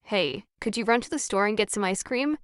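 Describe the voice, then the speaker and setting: A lazy, entitled young sister who brushes everyone off, voiced by a woman narrator. She sounds offhand and scornful, and the voice stays smooth and clear, recorded close and dry. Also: medium pitch, lively intonation, brisk, no echo, natural voice.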